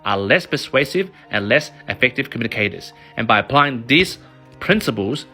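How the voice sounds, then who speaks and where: A man in his thirties talks to camera about raising kids, energetic and emphatic, with a bright, forceful tone. His delivery is animated, and faint music plays behind him. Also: mid-range voice, moderate pace. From Australia. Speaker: parenting and kids' finance author. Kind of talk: motivational talk to camera.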